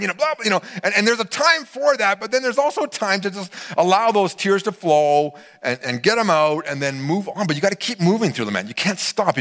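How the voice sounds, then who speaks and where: A middle-aged pastor with a slightly high voice preaches a sermon with lots of energy. He acts out quotes and swings between loud and hushed delivery.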